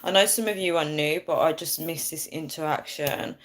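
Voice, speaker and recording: Woman in her 30s chatting to viewers on a phone live, bubbly, a bit low voice. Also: normal speed, a bit bright. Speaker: livestream host. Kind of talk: casual live-stream chat.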